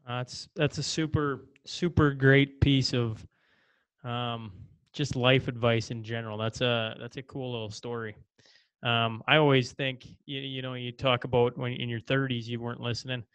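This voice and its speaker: An easygoing man in his thirties, hosting a podcast with chatty enthusiasm. His voice has a middle pitch and sounds dry and close, with little room around it. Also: level tone, normal speed, fairly bright tone, smooth, no echo. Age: 30s. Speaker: podcast host. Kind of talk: casual podcast interview.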